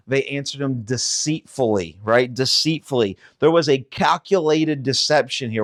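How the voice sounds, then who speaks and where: Male Bible teacher, mid-pitched, loose conversational delivery with fillers. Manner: conversational, frequent fillers and rhetorical questions.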